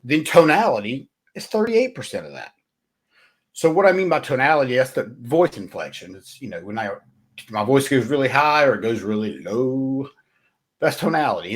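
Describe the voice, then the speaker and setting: Coaching listeners on sales in a solo motivational podcast, a man speaks directly and bluntly in a casual, conversational way. His mid-range voice rises and falls animatedly, and he keeps asking "right?" to make sure people follow.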